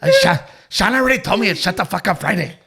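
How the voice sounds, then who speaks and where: Man playing an eager older man, insistent, repetitive, bright voice. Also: high-pitched, lively intonation, fast talker, gravelly, husky, full character voice. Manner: insistent, repeats himself.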